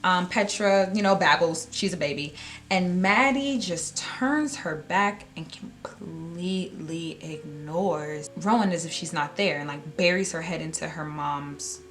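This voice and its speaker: A woman vlogger casually retelling a book plot, chatty and animated with slangy asides and lots of fillers. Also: fairly low pitch, unhurried, a little hiss or hum.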